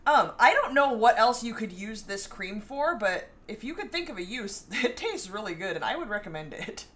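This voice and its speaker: A woman's voice: mid-range voice, big pitch swings, moderate pace, a bit bright. A woman co-hosting a home baking livestream, reading viewer comments aloud and laughing often as she chats. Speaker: cooking show co-host. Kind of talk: casual livestream chat.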